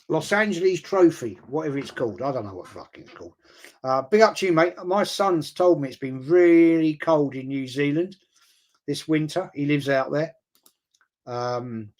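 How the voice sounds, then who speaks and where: A middle-aged man chatting through a live football watch-along stream, rambling and excitable and swearing freely. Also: a little high.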